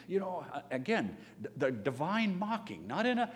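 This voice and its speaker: A man preaching a sermon, animated, who swings into loud emphatic bursts when acting out pleas and reading scripture. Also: sits high, normal speed, few pauses. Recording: long hall reverb, faint hum.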